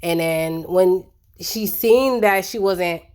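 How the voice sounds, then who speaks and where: A woman's voice: on the low side, slow, darkish tone. Chatty opinionated woman recapping a show. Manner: chatty, opinionated, colloquial with frequent fillers. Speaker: TV reality show reviewer. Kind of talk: casual recap chat.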